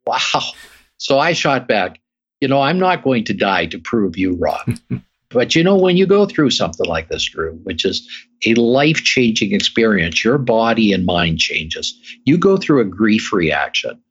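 A middle-aged man with a somewhat low, husky voice tells his story to a host and leans on repeated phrases for emphasis. The recording sounds dull and lo-fi. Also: very animated, a little slow. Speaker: guest. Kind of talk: interview storytelling.

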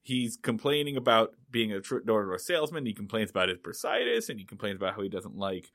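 A man's voice: fairly low pitch, sing-song, fast, fairly bright tone. A man co-hosting a podcast in casual chat about a TV show, playfully acting out scenes. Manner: playful, acts out scenes in funny voices. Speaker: podcast co-host.

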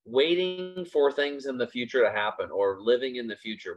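A male host delivers a casual motivational talk in an emphatic way, driving each point home by repeating it. His voice sits at an ordinary pitch for a man. The recording sounds a bit dull and lo-fi. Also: moderate pace, hardly any pauses.

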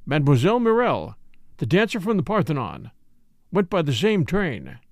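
A man voicing a discreet, meek male private investigator in an audiobook, speaking quietly and formally. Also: fairly high pitch, huge pitch swings, moderate pace, no room sound, studio quality.

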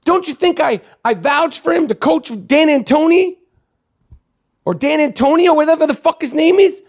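A man's voice: animated, normal speed. A man putting on a cranky male basketball star who swears and complains about a teammate. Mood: exasperated. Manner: profane, complaining, raised pitch. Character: gruff, exasperated male star point guard.

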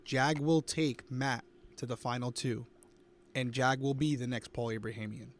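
A man co-hosting a casual live stream, making fast, emphatic calls. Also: medium pitch, steady tone. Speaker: co-host.

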